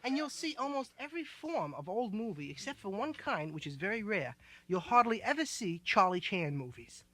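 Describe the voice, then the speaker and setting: High-voiced, rambling young stand-up comic. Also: male voice, big pitch swings, normal speed, fairly bright tone. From United States. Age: 20s. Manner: loose, rambling hipster slang, laughing as he talks. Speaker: stand-up comedian. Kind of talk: live stand-up comedy.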